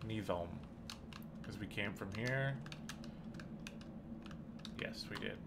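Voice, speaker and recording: A man playing a story game, reading its narration aloud with relaxed muttered asides. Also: on the low side, slow pace, gravelly, heavy background noise. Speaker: game player. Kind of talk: casual let's-play commentary, reading game text aloud.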